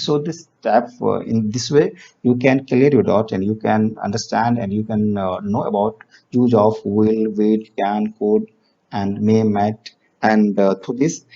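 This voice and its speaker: A man teaching grammar, reading example sentences slowly and explaining with fillers. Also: on the low side, dark tone. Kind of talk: classroom grammar lesson. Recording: dull lo-fi recording.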